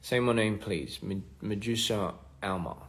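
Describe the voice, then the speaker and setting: A young man casually chatting on a phone livestream, reading fan comments aloud with halting restarts and many fillers. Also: fairly low pitch, fairly bright tone. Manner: halting, many restarts and fillers, switching between English and Korean. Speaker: musician hosting a livestream.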